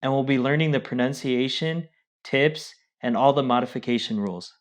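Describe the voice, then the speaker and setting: A man's voice: medium pitch, moderate pace. Man explaining a tone lesson. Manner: encouraging, explanatory. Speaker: co-host of language lesson. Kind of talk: instructional explanation.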